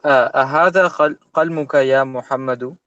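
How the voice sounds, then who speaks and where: Male student, fast and halting, smooth voice, dull lo-fi line. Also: mid-range voice, fairly bright tone, no echo. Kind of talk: reading aloud in class.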